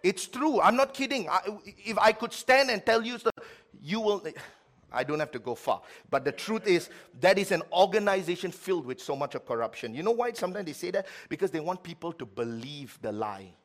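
Animated preaching man, higher voice. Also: fairly quick. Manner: animated preaching, swings from loud to quiet, acts out voices. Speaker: pastor. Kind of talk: sermon.

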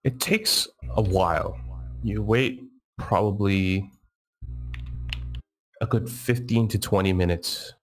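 A man with a very deep voice runs a tabletop game as game master. He narrates slowly and deliberately, pausing often for fillers. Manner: measured, with frequent fillers.

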